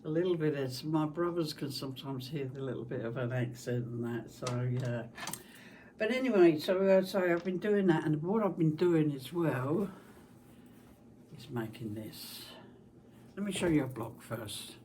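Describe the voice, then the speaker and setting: Husky London-area woman chatting about quilting. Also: low voice, lively intonation, normal speed, mellow. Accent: London-area English with a slight Scottish tinge. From southeast England. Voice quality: husky, smoker's voice. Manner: chatty, rambling, homely. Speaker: quilting channel host. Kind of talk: casual chat. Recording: distant mic with faint background hiss.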